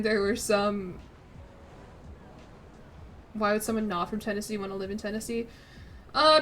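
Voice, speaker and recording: A young woman from Chicago, chatting casually and rambling as she streams, quick to laugh. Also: on the high side, a little hiss or hum. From Chicago, United States. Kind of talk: casual chat while streaming.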